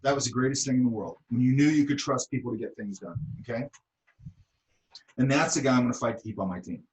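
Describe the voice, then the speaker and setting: A man's voice: medium pitch, fast talker, lo-fi sound. A middle-aged man teaching an art class, giving blunt, casual critique and checking in often with the students. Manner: blunt, casual, repeats okay and does that make sense. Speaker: art instructor.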